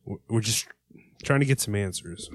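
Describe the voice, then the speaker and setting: A man's voice: fairly low pitch, moderate pace, background noise. A man co-hosting a podcast in casual chat, joking and loose. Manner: joking, loose, full of fillers. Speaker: podcast co-host.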